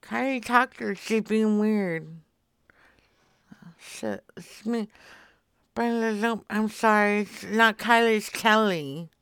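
Woman, prank caller, playful teasing, slow unhurried delivery, dry close sound. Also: medium pitch, a bit bright, smooth, no echo. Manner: teasing, mock-stern, playful. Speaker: streamer making prank phone calls. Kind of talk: live prank-call stream.

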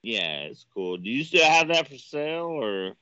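A man's voice: mid-range voice, very animated, moderate pace, pushed and bright, clear, resonant tone, dry recording, highs cut off. A man hosting a comedy call-in show, trading profane, mock-aggressive banter and prank calls. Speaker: prank-calling radio host.

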